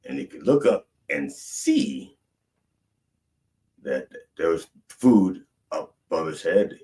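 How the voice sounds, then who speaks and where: A man preaching a comic mock sermon, rambling and deadpan, with many fillers and restarts. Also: low-pitched, slow.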